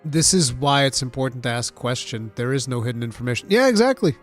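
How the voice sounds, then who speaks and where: A man casually chatting on his stream while building models, his voice nasal and stuffy from allergies, telling stories in an animated, swearing way. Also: medium pitch, quick pace, faint music behind. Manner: animated, profane storytelling.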